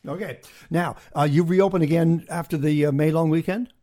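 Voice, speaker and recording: Brief: fairly high-voiced male host, playful, talks in restarts. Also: fairly even intonation, fairly quick, dark tone. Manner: jokey, chatty, stumbling restarts. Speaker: radio host. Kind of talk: casual radio interview.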